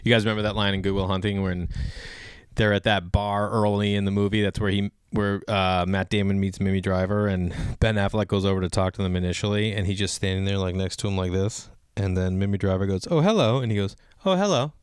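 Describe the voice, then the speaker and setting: A man's voice: sits low, level tone, a little fast, smooth, dry recording. A man in his forties, a comedian hosting his own show, chatting casually and rambling from one joke to the next. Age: 40s. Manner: rambling, jokey, breaks into silly made-up songs. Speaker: comedian podcast host. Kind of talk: casual solo chat.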